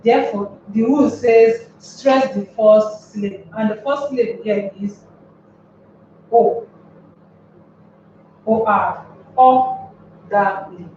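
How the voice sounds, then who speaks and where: Slow-paced woman teaching in an echoey room. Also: a little high, mellow, slight background noise. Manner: slow, repeats words and rhetorical questions. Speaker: English teacher. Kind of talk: recorded classroom tutorial. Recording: roomy, distant, dull recording.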